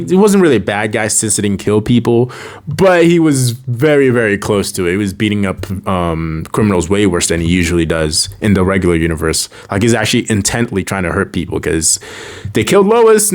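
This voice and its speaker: A man casually reviewing a show, rambling and joking, breaking into sudden high dramatic outbursts. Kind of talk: casual video review commentary.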